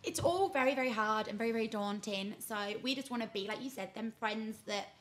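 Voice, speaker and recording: A young woman in her twenties co-hosts a casual podcast, her voice sitting a little high. She talks in a loose, chatty flow, dotted with "like" and little tag questions, into a podcast microphone with faint noise behind. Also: fairly quick, a bit bright. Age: 20s. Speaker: podcast co-host. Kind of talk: casual chat.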